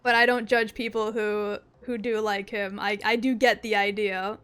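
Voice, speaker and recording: A young woman streaming a game, chatting casually, excitable and playful, swearing often. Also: medium pitch, moderate pace, clean tone, faint music behind. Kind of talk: casual gaming commentary.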